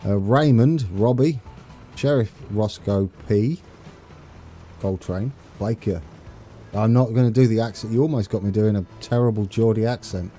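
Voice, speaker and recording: A man's voice: fairly low pitch, a little fast, warm tone. A man from the UK chatting casually with viewers on a live stream while playing a train game, rambling and chuckling as he reads chat. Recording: faint game music behind.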